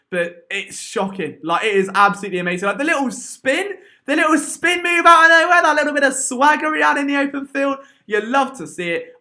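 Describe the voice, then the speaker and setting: A young English man hosting a live stream, talking in an excitable, rambling way. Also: high voice. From England.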